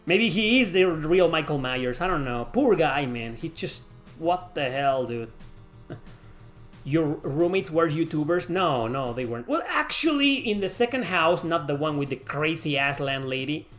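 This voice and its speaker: Guy streamer rambling thru chat q&a, swears a lot, kinda higher voice, faint music behind. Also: expressive, unhurried, fairly bright tone. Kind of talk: casual livestream Q&A.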